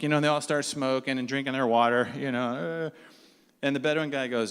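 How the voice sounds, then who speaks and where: A man telling a personal story on stage, lively and animated, slipping into the voices of the people he describes. His voice is mid-pitched, and a long hall reverb trails behind every phrase. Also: fairly quick, clear, resonant tone. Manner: animated, acts out the people he quotes.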